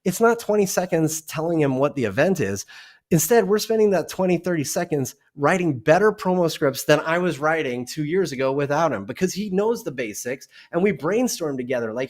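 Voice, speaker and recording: Male keynote-speaker guest, fairly high voice, lively delivery acting out exchanges. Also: brisk. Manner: animated, acts out dialogues. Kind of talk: conversational interview.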